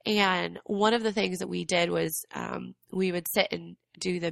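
A young adult woman from Atlanta, a guest on a casual podcast, tells her story reflectively and earnestly with lots of fillers, her voice cracking from allergies. She speaks at a moderate pace in a fairly low, steady voice that is creaky and fairly bright. There is no room sound.

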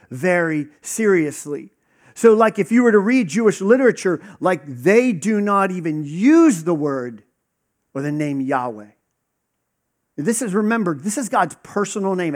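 A man preaching a conversational sermon, teaching casually with lots of fillers and acted-out dialogue. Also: high voice.

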